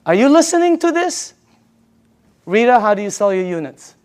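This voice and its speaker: High-voiced emphatic man pitching a business. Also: normal speed. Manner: emphatic, repeats audience answers back; chatty and excitable, laughs between points. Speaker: sales presenter. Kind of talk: live sales pitch to an audience.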